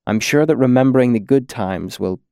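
A man voicing an emotional, devoted young male apprentice who is not human, speaking in a choked, pleading, soft way. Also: mid-range voice, a little fast, smooth, no room sound, close to an everyday voice. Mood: earnest.

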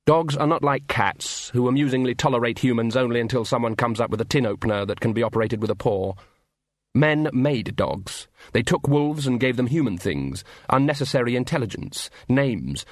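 A man reads a story aloud in a measured, wry way, his voice mid-pitched and even. The recording sounds close and dry, with no room echo. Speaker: audiobook narrator. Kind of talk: scripted narration.

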